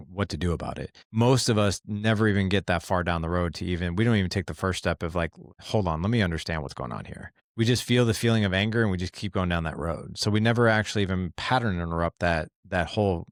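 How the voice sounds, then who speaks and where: Earnest low-voiced man coaching dads. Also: no echo, studio quality. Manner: earnest, animated, acts out quoted voices. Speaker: podcast guest, dad coach. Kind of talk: casual interview talk.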